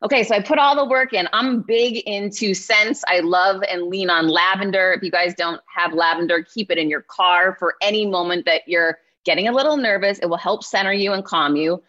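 A woman in her forties giving an energetic motivational keynote, often checking in with her listeners. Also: mid-range voice, normal speed, few pauses. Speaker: keynote speaker. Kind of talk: motivational speech. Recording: slightly muffled lo-fi sound.

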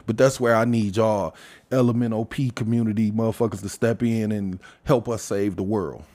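Man ranting heatedly, profane and loud. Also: steady tone, moderate pace. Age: adult father. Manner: heated, swearing, swings between loud outbursts and low mutters. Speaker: commentator. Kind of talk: profane casual rant.

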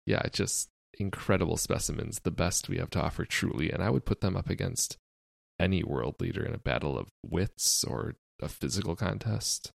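A man from the United States co-hosting a podcast, talking in a deadpan, sarcastic way with many fillers. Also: low voice, moderate pace, creaky, no echo. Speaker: podcast co-host. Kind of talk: casual chat.

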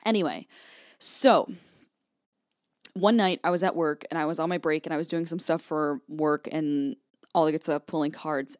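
A young woman hosts her own podcast, candidly recounting a personal story, swearing freely and acting out what she used to think. Her voice is low with a darkish tone, captured in clean studio sound with no room noise.

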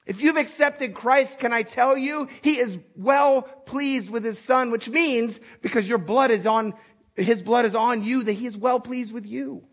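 A male pastor delivers an animated, conversational sermon, often turning to the congregation with direct questions. His voice sits fairly high and carries a husky, breathy texture. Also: measured pace.

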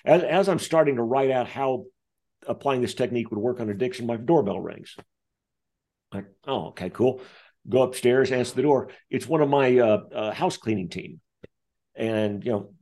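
Animated storytelling man, lively pitch. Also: normal speed. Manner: acts out quoted voices, lively pitch. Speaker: author and guest.

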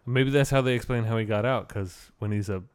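A man's voice: fairly low pitch, a little fast, clear, resonant tone. A man co-hosting a podcast, talking loosely and offhand with casual swearing. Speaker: podcast co-host. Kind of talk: casual chat.

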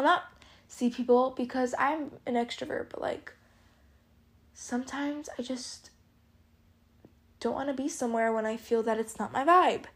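A teenage girl talks through her week on a solo podcast, slightly high-voiced and loosely rambling. She circles back on herself, peppers every sentence with fillers, and speaks openly about what bothers her. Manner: rambling, chatty, lots of "like"; candid, confiding. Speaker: podcast host.

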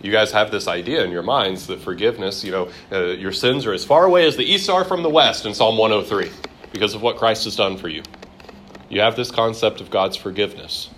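Bright-voiced male Bible teacher. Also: on the low side, brisk, slight background noise. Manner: conversational, acts out quoted voices. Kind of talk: classroom Bible lesson. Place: classroom.

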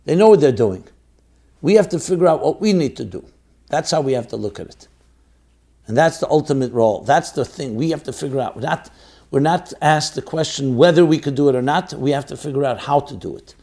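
Earnest, emphatic rabbi giving guidance. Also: male voice, fairly high pitch, expressive, brisk, gravelly, warm tone. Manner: earnest and emphatic, repeating key phrases; sprinkles in Hebrew and Yiddish religious terms. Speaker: rabbi hosting a question-and-answer show. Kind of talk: answering a listener's question with religious guidance.

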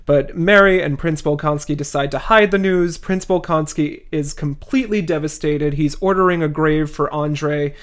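Man, podcast host, somewhat high-pitched, casual book recap, playful asides. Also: moderate pace, hardly any pauses, clear, resonant tone. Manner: chatty, wry asides, playful retelling.

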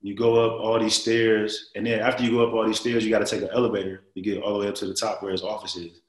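A man in his forties telling a long story as an interview guest, rambling and animated, with many fillers. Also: lowish voice, quick pace, echoey room, rough recording. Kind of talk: casual storytelling.

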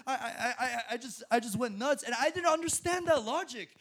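A young man preaching a sermon to a college ministry, animated, laughing often and restarting his sentences. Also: extremely high pitch, fairly quick.

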